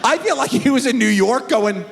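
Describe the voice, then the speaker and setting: A middle-aged man performing a stand-up comedy routine, telling a story with animated delivery and acted-out voices. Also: extremely high pitch, a little fast, vocal fry, big-room sound, background noise.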